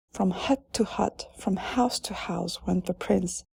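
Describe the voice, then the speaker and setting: A woman reads a children's fairy tale aloud in an unhurried, deliberate voice. Her tone is mellow and a little breathy, and the recording is dry and close. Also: medium pitch, no room sound, in a whisper. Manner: calm, deliberate storytelling. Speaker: narrator. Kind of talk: storybook reading for children.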